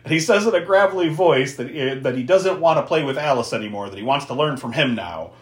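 A man's voice: mid-range voice, lively intonation, quick pace. A man hosting a podcast, casually recapping a film, swearing and laughing often as he tells it. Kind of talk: casual movie recap chat. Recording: echoey room.

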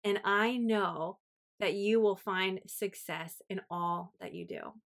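A woman's voice: mid-range voice, slow pace. A woman in her thirties hosting a faith podcast, talking in an earnest, chatty way with lots of "like.". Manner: earnest, chatty, uses 'like' a lot. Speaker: podcast host. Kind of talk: heartfelt faith podcast talk.

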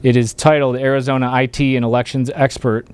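A man's voice: medium pitch, little pitch movement, a little fast, darkish tone, clean tone. Male livestream host, emphatic and rallying, fired up, casual delivery. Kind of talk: casual political livestream talk.

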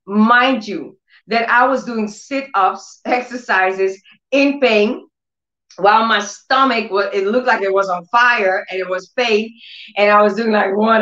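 A woman giving an emotional sermon testimony. Her speech grows more intense as she moves into near-shouting proclamations. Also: mid-range voice, measured pace. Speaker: testimony speaker. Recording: echoey room, dull lo-fi sound.

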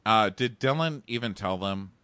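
Lively, bright-voiced man chatting. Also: on the low side, normal speed, dry recording. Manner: animated, laughs often, acts out the people he describes. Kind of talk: casual chat recapping a TV show.

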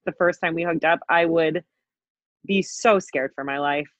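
A woman's voice: sits low, moderate pace, no room sound. A woman co-hosting a podcast who talks bluntly in casual chat and swears freely. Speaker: podcast co-host.

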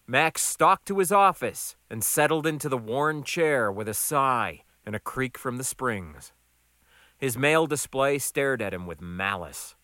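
A man narrating a story with a wry, brisk delivery. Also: mid-range voice, pushed and bright, dry recording. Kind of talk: audiobook narration.

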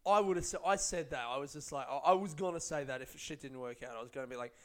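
A man's voice: on the high side, fast talker. A young man, a comedian, chatting casually and telling rambling, profane stories. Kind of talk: casual vlog chat.

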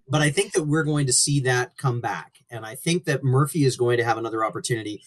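A man's voice: medium pitch, husky. A man co-hosting a casual book-discussion podcast, speaking enthusiastically and stretching words for emphasis. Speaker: podcast co-host. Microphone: remote call mic.

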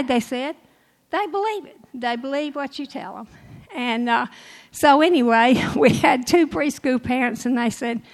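A woman's voice: high-pitched, moderate pace, poor audio. An older woman giving a personal testimony at church, telling her story with emotion, laughter and quoted dialogue.

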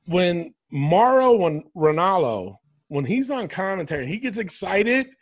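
A man's voice: sits high, unhurried, dry recording, clean studio sound. A man hosting a casual podcast chat, talking animatedly and swearing freely. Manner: animated, swears, mimics commentators. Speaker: podcast host. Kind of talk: casual wrestling review chat.

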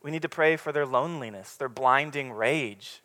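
A man's voice: mid-range voice, normal speed, bright, forceful tone. A young man preaching a casual, candid sermon, rambling a little with many fillers and restarts. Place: church meeting room with congregation. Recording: long reverb from the room.

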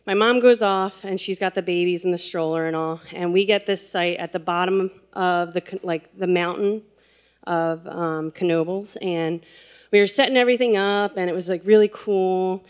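Woman telling a story, smooth clear voice. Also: fairly low pitch, normal speed. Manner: animated, laughing, acts out quotes. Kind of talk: casual personal storytelling.

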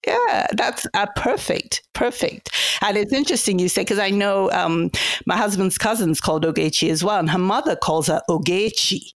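Gravelly woman guest. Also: medium pitch, normal speed, no echo. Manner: warm, laughs often, explains patiently. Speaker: podcast guest. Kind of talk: conversational interview.

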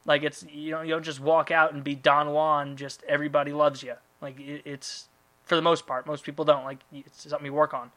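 A male podcast host rambles through listener mail in loose, profane casual chat. His voice is very bright and sits a little high. He loops back on his thoughts with a lot of filler. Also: flat delivery, brisk.

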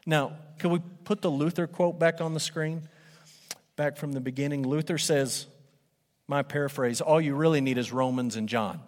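A man preaching a sermon as pastor, animated and conversational, speaking to a congregation in a church. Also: on the high side. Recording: long hall reverb.

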